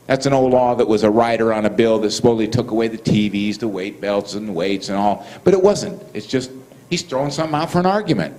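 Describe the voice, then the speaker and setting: Animated man telling prison stories. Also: lowish voice, fast, rough recording. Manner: animated, acts out both sides of the dialogue, laughs often. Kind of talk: anecdotal storytelling to an audience.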